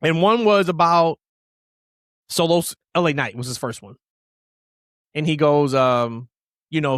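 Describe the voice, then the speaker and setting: Emphatic fast-talking podcast man. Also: fairly high pitch, fairly bright tone, no room sound, clean studio sound. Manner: opinionated, emphatic, rapid tangents. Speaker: podcast co-host. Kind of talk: casual wrestling podcast chat.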